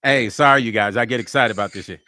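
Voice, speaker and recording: A middle-aged man, a musician and producer, chatting casually in a vlog while he builds a track, excitable and slangy, forever saying hold on. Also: mid-range voice, fast, no echo, studio quality. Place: music studio.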